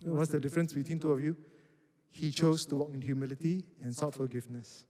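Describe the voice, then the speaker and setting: A man voicing God, who speaks to him in a calm, quiet, firm tone. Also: a little high, brisk, voice pushed down, close to an everyday voice. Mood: gentle. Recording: reverberant hall.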